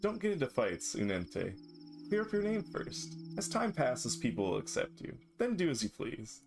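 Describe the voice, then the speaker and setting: A man's voice: medium pitch, wildly swooping pitch, normal speed, gravelly. A man reading a game character's lines, putting on a stern townsperson who warns a young outcast not to get into fights. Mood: stern, warning. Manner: earnest, warning tone. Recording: game music playing behind.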